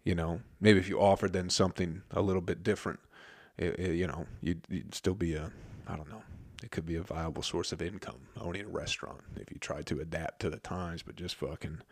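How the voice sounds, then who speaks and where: A man's voice: sits low, steady tone, brisk, dry recording. A man who works in a restaurant kitchen, telling a story as a heated, profane rant.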